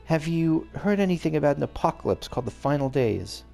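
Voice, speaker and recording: A man's voice: fairly high pitch, lively intonation, fairly quick, gravelly, dark tone, soft background music, pitched above the performer's own voice. A man reading aloud the subdued lines of a guarded young noblewoman in a game.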